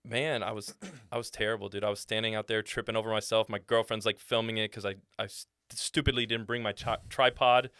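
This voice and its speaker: A man's voice: lowish voice, steady tone, brisk, few pauses, fairly bright tone, clean tone, no room sound, clean studio sound. A young man hosting a casual podcast, joking and swearing, laughing often. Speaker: podcast host.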